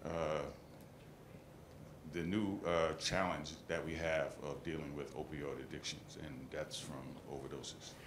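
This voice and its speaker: A man's voice: extremely low pitch, flat delivery, unhurried. A man in the audience asking the panel a question, hesitant with many fillers. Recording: roomy hall with background noise.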